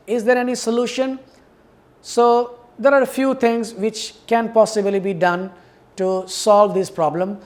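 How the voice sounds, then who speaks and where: A man giving an academic lecture on pronunciation, speaking in a measured, explanatory way and repeating key words. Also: high-pitched, darkish tone. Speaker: university English lecturer.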